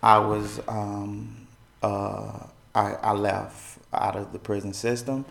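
A middle-aged man from Milwaukee telling a personal story to an audience, animated and acting out the voices of people in it. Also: slow, gravelly. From Milwaukee, United States. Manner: animated, acts out quoted voices with big pitch jumps. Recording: echoey room.

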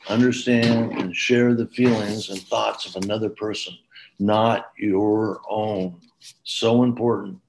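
A man's voice: mid-range voice, rough recording. Earnest man giving a police training talk. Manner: earnest, emphatic repetition. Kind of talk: training lecture.

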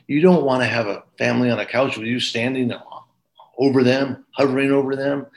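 A man's voice: mid-range voice, low-quality recording. A man giving a training lecture to police officers, earnest and emphatic, with frequent repetition.

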